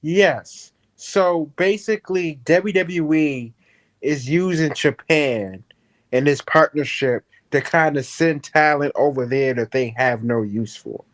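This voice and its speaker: A man's voice: on the high side, slow pace. A man joining a live show by phone, explaining things in an easygoing, rambling way. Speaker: guest panelist. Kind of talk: casual chat over a call.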